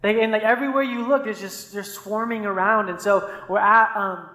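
A man's voice: high voice, steady tone, brisk, sharp tone. Man preaching in an echoey hall. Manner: conversational preaching with stories, frequent "right?". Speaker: pastor. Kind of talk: sermon.

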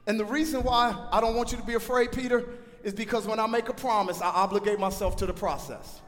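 A man preaching a sermon as pastor, swinging from shouted peaks to quiet asides. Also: high voice, fairly even intonation, fast talker, a little hiss or hum. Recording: long hall reverb.

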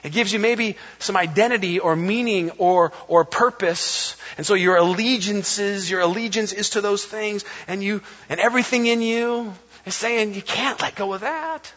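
A man in his thirties preaching a sermon as a pastor, telling stories in an animated way and acting out quotes playfully. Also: sits high, moderate pace, hardly any pauses. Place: church sanctuary. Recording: dull, long reverb of a church hall.

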